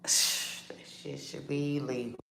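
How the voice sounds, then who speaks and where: Recorded in an echoey room, a woman rants her way through celebrity news on her podcast, slangy and casual, with sighs and laughter. Her voice is bass-deep, creaky and warm, unhurried and fairly flat in pitch.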